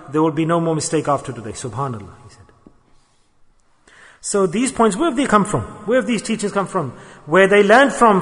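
A man's voice: fairly high pitch, fairly bright tone. A man preaching a sermon with impassioned, rising and falling emphasis. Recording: long hall reverb.

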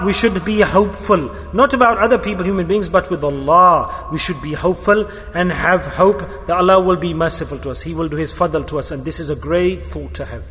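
High-voiced man preaching in echoing hall. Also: sharp tone. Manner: emphatic, repeats key words; poses questions to the audience. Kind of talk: sermon. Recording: echoey hall with long reverb.

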